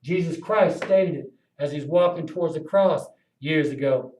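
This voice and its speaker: A man's voice: normal speed, hardly any pauses, lo-fi sound. Impassioned man ranting in an echoey room. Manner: impassioned, profane storytelling, swings between loud outbursts and low muttering. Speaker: video blogger. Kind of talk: rambling monologue to camera.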